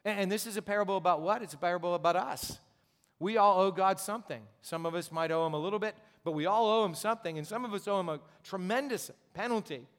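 A man's voice: high voice, fast talker, a bit bright. A man preaching a sermon as a pastor, talking conversationally with rhetorical questions and repeated words. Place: church sanctuary. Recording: long church reverb.

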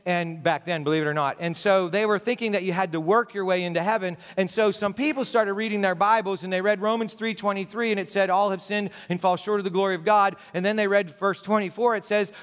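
Male pastor, middle-aged, high voice, conversational sermon with humor, church reverb. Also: brisk, hardly any pauses, a bit bright. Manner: conversational preaching with jokes and asides. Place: church sanctuary.

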